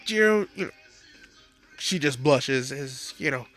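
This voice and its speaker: A man's voice: medium pitch, animated, a little slow, a bit bright, soft background music. A young man improvising a fan story, rambling with lots of fillers. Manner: rambling, full of "you know" and "like".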